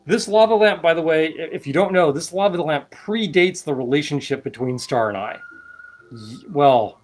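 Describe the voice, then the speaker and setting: A man's voice: on the high side, animated, moderate pace. A man hosting a casual live stream, chatting and explaining while he mixes cocktails, with wry asides. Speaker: host mixing cocktails.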